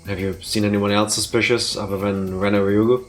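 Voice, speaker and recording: A man's voice: on the low side, little pitch movement, a little fast. A man hosting a let's play, reading a visual novel aloud with playful, joking asides.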